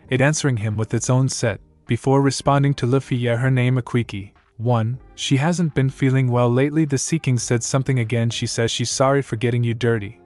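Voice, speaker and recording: Guy reading fanfic out loud, mid pitch, faint music in the back. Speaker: fanfic narrator. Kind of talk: reading fan fiction aloud.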